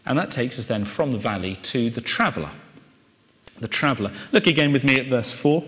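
A man preaching a sermon, building drama with repeated rhetorical questions and pauses. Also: mid-range voice, lively intonation, a bit bright, long reverb tail.

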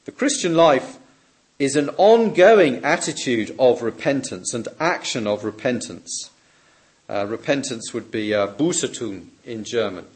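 Lively-voiced man preaching a sermon. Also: medium pitch. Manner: measured, emphatic, rising on questions and dropping soft on key words.

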